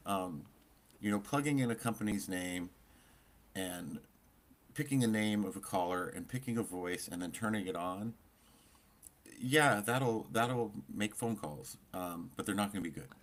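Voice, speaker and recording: A man's voice: on the low side, a little slow. A man co-hosting a live stream in casual chat, talking in a loose, rambling way full of fillers. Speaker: co-host.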